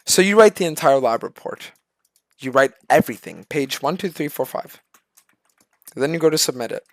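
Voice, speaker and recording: A man's voice: a little high, moderate pace, no room sound. A man streaming a profane, storytelling rant, acting out the people he quotes. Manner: animated, profane, acts out other people in quoted voices. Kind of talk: ranting storytelling.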